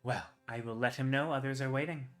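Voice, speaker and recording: A man's voice: mid-range voice, steady tone, fairly quick, fairly bright tone, close to an everyday voice. A man voicing a polite, composed woman attendant in a tabletop fantasy game, speaking in formal, courteous phrasing.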